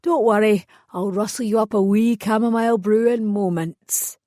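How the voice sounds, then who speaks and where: A polite, kindly male fairy receptionist from an audiobook, put on by a woman narrator. His voice is mellow and soft-edged, recorded dry and close. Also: mid-range voice, moderate pace, dry recording, close to an everyday voice. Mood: friendly.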